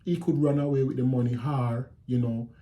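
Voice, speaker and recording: A middle-aged Jamaican man telling his viewers a story in a casual, animated way, repeating phrases and acting out what people said. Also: medium pitch, moderate pace. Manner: animated retelling with repeated phrases and quoted speech. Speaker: channel host telling a story.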